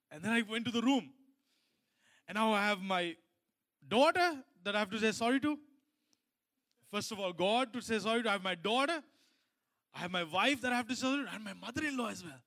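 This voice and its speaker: A middle-aged man preaches in a loose, conversational way, stopping and restarting as he tells a personal story. His voice sits high and sounds bright and forward. He talks to the congregation as if they are friends. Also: expressive, brisk, creaky, long pauses. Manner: conversational, many restarts and asides. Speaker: pastor.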